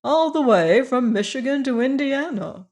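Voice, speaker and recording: A reader doing a booming, bland fat salesman. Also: lively intonation, moderate pace, a little mellow. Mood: bland jovial. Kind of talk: audiobook character reading.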